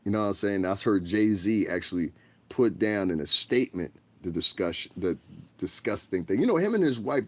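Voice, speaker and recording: Low-voiced man ranting frankly. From United States. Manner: frank, profane, rambling. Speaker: livestream host. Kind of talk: casual livestream rant. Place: bedroom. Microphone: tablet.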